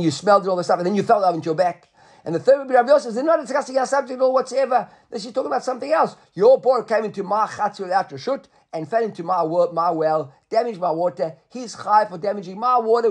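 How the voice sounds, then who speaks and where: A man with a high-pitched voice leads a Talmud lesson. He works through the text step by step and keeps checking that his listeners are following. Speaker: Talmud teacher. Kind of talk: lecturing a class on Talmud.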